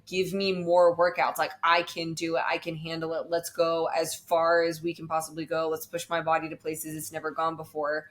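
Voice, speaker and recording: A woman's voice: low voice, flat delivery, a little fast, hardly any pauses, fairly bright tone. A young woman talking casually about her bodybuilding prep, chatty and full of fillers. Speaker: bodybuilding competitor, guest. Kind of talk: casual podcast chat.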